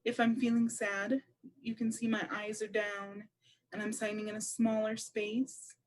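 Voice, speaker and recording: A woman interpreting aloud for a deaf presenter at a public seminar, speaking in a measured, explanatory way. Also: mid-range voice, little pitch movement. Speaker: sign language interpreter voicing a deaf presenter.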